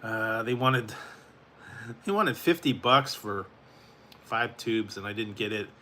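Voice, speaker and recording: A man's voice: fairly low pitch, slow, bright, forceful tone, slight background noise. A man hosting a late-night food review live stream, rambling casually and chuckling as he talks to chat viewers.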